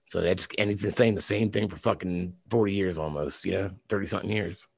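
A man's voice: sits low, fast, creaky, darkish tone, slightly rough, no echo. A man from Boston who grew up in the South, telling stories in casual, profane podcast chat. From Boston, raised in the US South from age eleven. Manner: profane, laughing storyteller who talks in restarts. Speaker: guest, video maker.

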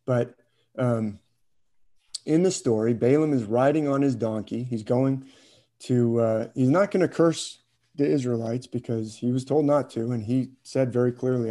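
A man's voice: mid-range voice, a little slow, warm tone. A man teaching a class, retelling a story casually with fillers and questions to students. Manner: storytelling, asks questions, chuckles, hesitant fillers. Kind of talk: informal class lecture.

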